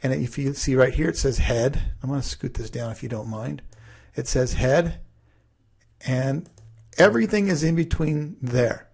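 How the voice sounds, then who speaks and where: Speaking at a normal pace with a medium pitch, this man has a creaky voice with a breathy edge. He's teaching a class via a casual screen-recorded coding tutorial, reasoning aloud as he goes.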